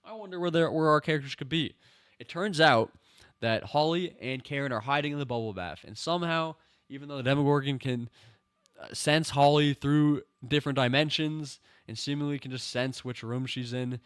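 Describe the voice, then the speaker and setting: Exasperated man ranting about a show. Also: mid-range voice. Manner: exasperated, animated ranting with slang. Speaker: show reviewer. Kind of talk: casual TV review commentary. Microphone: personal microphone.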